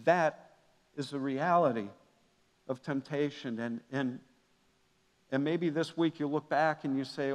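A pastor delivers a sermon in a high, ringing voice. He sinks into quiet, confessional passages, then climbs back to loud, emphatic declarations. The sound of a large church hall lingers after each phrase. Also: fairly even intonation, unhurried, long pauses. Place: church sanctuary. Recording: long reverb of a large hall.

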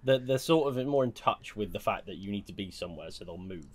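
A man's voice: fairly low pitch, animated, fast talker, a crowd in the background. A man chatting casually on a podcast in a dry, hesitant way, often starting his sentences twice. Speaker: podcast co-host. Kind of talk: casual chat.

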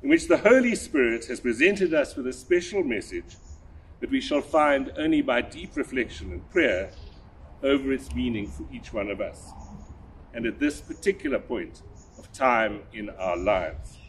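An older man, a priest, delivering a measured, deliberate sermon with a husky voice. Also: medium pitch, sing-song, slight background noise. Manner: measured, deliberate preaching with emphatic rises.

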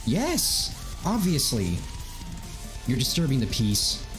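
A man's voice: medium pitch, huge pitch swings, takes it slowly, a bit bright, soft background music, exaggerated voice. A man voicing a young woman student who complains politely about noise.

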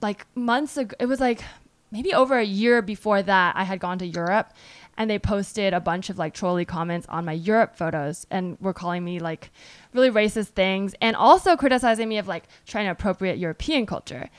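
A woman's voice: medium pitch, a little fast, no echo. A young adult woman hosting a podcast, chatting casually and acting out quoted back-and-forths as she tells a story. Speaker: podcast host.

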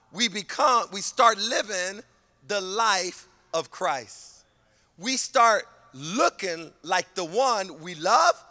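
A man from California, a pastor preaching a sermon with emphatic delivery that often rises to a shout. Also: sits high, big-room sound. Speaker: senior pastor.

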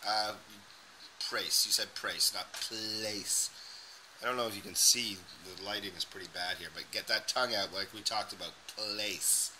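A man's voice: lowish voice, fairly even intonation, quick pace, hardly any pauses, sharp tone, slight background noise, low-quality recording. A man coaching a student on pronunciation, giving encouraging feedback and over-articulating sounds. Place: indoors, dim lighting.

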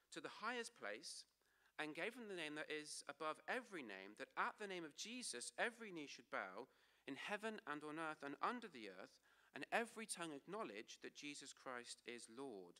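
A man preaching a sermon in church, emphatic, slowing for key phrases and dropping low and soft at line ends.

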